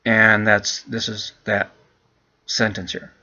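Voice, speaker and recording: A man teaching English, walking students through an essay in a relaxed, chatty way and calling them "guys". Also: lowish voice, slow, lo-fi sound. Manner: relaxed, chatty, keeps addressing the class as "guys".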